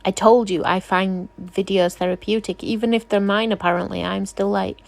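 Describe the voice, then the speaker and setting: A woman's voice: medium pitch, fairly even intonation, moderate pace, gravelly, no echo. A woman nail technician doing a casual, rambling tutorial voice-over, chatty and self-deprecating, often apologizing.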